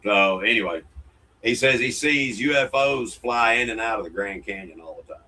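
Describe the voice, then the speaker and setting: A man's voice: fairly low pitch, moderate pace, sharp tone, poor audio. A man, co-hosting a casual podcast and reading fan mail in a folksy, jokey way. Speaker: co-host.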